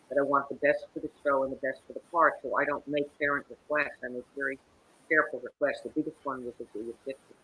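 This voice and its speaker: A woman who is a guest actress, telling stories in a theatrical, animated way during an interview on a video call. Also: deep voice, a little hiss or hum, poor audio. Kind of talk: interview conversation.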